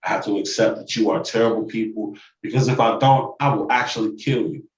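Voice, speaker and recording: A man on a podcast tells a personal story with intense emphasis, repeating words as he presses his point. His voice sits a little low. He sounds set back from the mic in an echoey room, on a dull, lo-fi recording. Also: steady tone, fairly quick, distant mic, soft background music. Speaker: podcast co-host. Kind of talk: casual chat, personal story.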